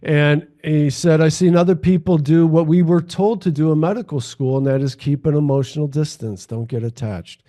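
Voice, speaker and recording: A man co-hosting a podcast, speaking in a measured, reflective way in casual conversation and often murmuring agreement. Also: fairly high pitch, fairly even intonation, warm tone. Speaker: podcast co-host.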